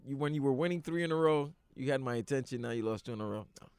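A man's voice: medium pitch, racing, smooth, no echo. A man who produces and co-hosts a sports radio show, chatting casually and getting worked up about his teams. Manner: enthusiastic, excitable fan.

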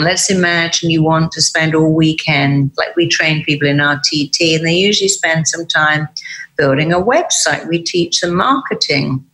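A British woman talks through ideas with emphatic energy, often slipping into quoted voices of the mind. Her voice sits low and the room around it is audibly roomy. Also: normal speed. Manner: acts out inner dialogue in quoted voices, emphatic and lively. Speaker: guest, therapist. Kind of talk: animated podcast conversation.

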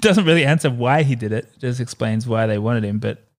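A man's voice: mid-range voice, a little fast. A man co-hosting a podcast in casual chat, joking and rambling with fillers, says he is hungover. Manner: jokey, rambling with fillers and laughs. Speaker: podcast co-host.

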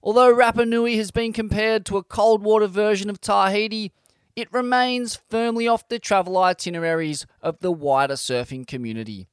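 A man reading scripted narration in a measured storytelling delivery on a close studio mic. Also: sits high, steady tone, clear, resonant tone, no room sound. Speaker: podcast narrator.

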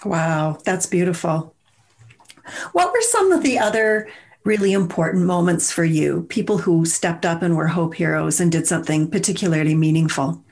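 A woman's voice: lowish voice, normal speed, a little mellow. A woman hosting an interview from her studio, asking friendly, encouraging questions. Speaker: host. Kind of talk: casual podcast interview. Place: home studio.

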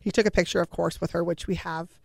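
Earnest woman in her forties with a gravelly voice, sighing as she tells her story; dry, close sound. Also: lowish voice, fairly even intonation, fast talker, no room sound. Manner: earnest, sighing, quoting family in dialogue. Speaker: guest recounting her daughter's illness. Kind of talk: emotional personal storytelling.

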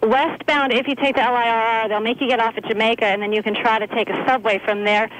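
A woman field reporter giving a clear, brisk live report from a train station. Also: on the high side, little pitch movement, a bit bright, a little hiss or hum, rough recording.

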